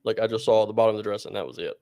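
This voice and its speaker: Gravelly, laid-back male podcast co-host. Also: on the low side, steady tone, very fast, mellow, no room sound, clean studio sound. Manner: rambling storyteller, laughs often. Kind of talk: casual podcast chat.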